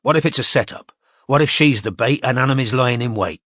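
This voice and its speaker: A blunt, glowering male detective, impatient and sardonic, as the narrator voices him. The voice sits in a middle pitch, close and dry. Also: brisk, fairly bright tone, no echo, natural voice.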